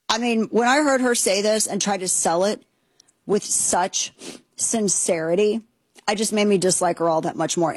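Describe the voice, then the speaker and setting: A woman's voice: mid-range voice, breathy edge, no echo. A woman hosting a talk show, giving indignant, sarcastic commentary with plenty of emphasis. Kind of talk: opinionated commentary.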